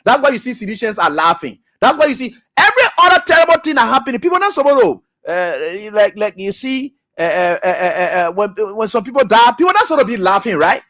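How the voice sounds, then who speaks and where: Radio talk host, man, Liberian English accent, high voice, preachy and emphatic, repeats himself, loud peaks and quiet asides. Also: big pitch swings, fast, hardly any pauses. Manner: emphatic, repetitive, preacher-like, swings between loud shouts and low mutters. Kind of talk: preaching commentary.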